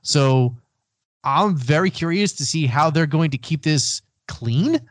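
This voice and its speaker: A man's voice: a little high, lively intonation, unhurried, dry recording. A man co-hosting a music podcast, arguing his picks firmly in casual debate. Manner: firm, argumentative, builds a case. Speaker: podcast co-host. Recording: remote call, own mic.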